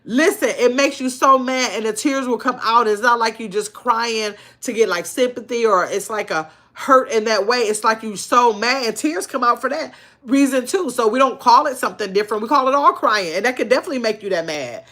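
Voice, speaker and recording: A woman's voice: a little high, brisk, bright, forceful tone. An older woman hosting a casual livestream, chatting loosely and answering viewers' comments as they come in. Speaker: livestream host.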